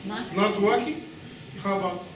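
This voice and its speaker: Halting man speaking in a reverberant hall. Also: high-pitched, a loud crowd. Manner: halting, many fillers, warm praise of colleague. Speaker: seminar speaker, law professor. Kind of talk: public speech. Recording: echoey hall, distant mic, noise.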